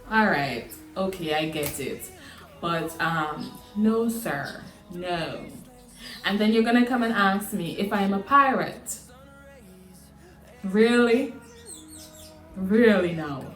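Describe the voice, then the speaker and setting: A woman from the Caribbean telling a story in a casual vlog, animated and exasperated. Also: mid-range voice. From Antigua, Caribbean. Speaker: vlogger. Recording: roomy echo with faint music.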